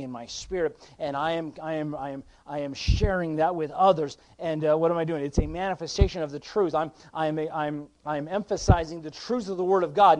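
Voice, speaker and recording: A man preaching as pastor, talking conversationally with many restarts, rising to emphatic points and reading old-style scripture. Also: fairly high pitch. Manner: conversational, with frequent restarts and swings from quiet to emphatic; reads scripture in King James wording. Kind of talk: sermon.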